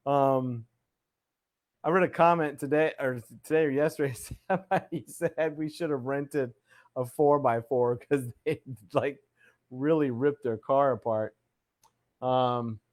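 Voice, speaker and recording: A man hosting a casual live chat show, greeting viewers with showman flair and reading their comments aloud. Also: mid-range voice. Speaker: livestream host.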